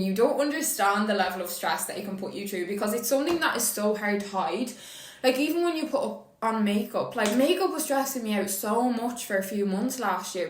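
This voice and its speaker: A woman's voice: mid-range voice, echoey room, rough recording. A young Irish woman vlogging casually while doing her makeup, chatty and emotional, with casual swearing. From Ireland. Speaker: beauty vlogger.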